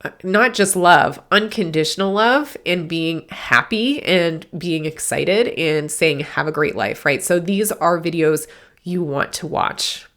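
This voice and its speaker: Low-voiced woman podcasting about spirit. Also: slow pace, a bit bright. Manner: rambling, earnest, with self-corrections and laughs. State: teary and sniffly. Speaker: podcast host and medium. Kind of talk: casual spiritual podcast talk.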